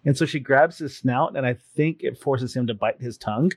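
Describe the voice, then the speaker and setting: A man's voice: medium pitch, normal speed, slightly rough, dry recording. A man telling a story in a casual chat with friends, laughing often and acting out the voices of the people in it. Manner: animated, laughs often, acts out voices in his stories. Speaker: participant sharing a story.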